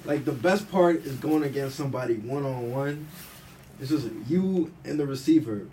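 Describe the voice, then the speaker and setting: A man's voice: medium pitch, normal speed, warm tone, far from the mic, rough recording. Young man, enthusiastic, off-mic. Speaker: football player. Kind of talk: casual chat. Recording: voice off-mic with faint hiss.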